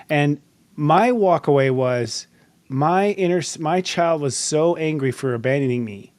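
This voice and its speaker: A man's voice: a little high, moderate pace, darkish tone, dry recording. A man hosting an interview, thoughtful and affirming, who often uses fillers. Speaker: astrologer and show host. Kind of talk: interview chat.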